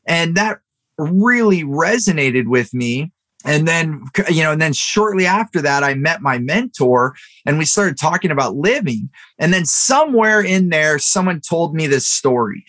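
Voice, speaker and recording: A man in his thirties or older, a podcast guest, telling a story in an animated way with frequent restarts. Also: fairly high pitch, a little slow, no room sound. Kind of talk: storytelling interview talk.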